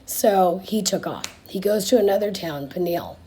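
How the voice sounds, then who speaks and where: A woman's voice: mid-range voice, normal speed, warm tone, slight background noise. A woman casually retelling a Bible story in a slangy, chatty way, dropping to a whisper for asides.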